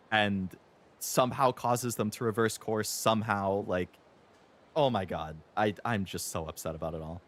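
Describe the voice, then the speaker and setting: Streaming a game live, a man in his twenties launches into a heated, profanity-heavy rant about the gaming industry, sneering at companies through sarcastic impressions. He has a lowish voice.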